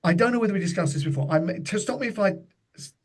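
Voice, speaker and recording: A man's voice: sits high, lively intonation, fast talker, breathy edge. A man in his fifties, a comedian guest on a podcast, telling chatty anecdotes and slipping into the voices of people he quotes. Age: 50s.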